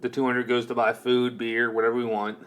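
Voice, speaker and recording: A man from Texas talking casually as a podcast co-host. He rambles through explanations and laughs easily, in an even, mid-pitched voice. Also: a little fast, a little hiss or hum. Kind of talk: casual chat.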